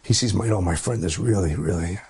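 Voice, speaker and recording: A man, a rabbi, telling an inspirational story in an animated way, his voice jumping up high at dramatic moments. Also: quick pace, slightly rough.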